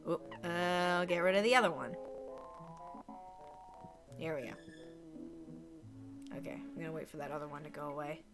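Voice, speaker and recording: A woman's voice: low-pitched, steady tone, normal speed, long pauses, music in the background. A woman streamer chatting casually through a game, chatty and exclamatory with frequent giggles.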